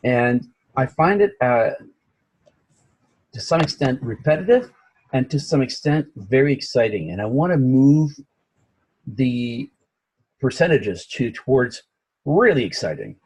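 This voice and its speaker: A man's voice: medium pitch, animated, measured pace, pauses often, a little mellow, husky. A man from the audience asking a question over a video call, thoughtful and hesitant. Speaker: audience member.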